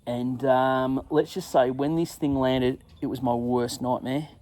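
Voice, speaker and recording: A man's voice: medium pitch, a little slow. Man telling a crude story. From England. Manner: animated, crude, self-mocking, acts out his own shouts. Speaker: podcast host. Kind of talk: casual storytelling monologue.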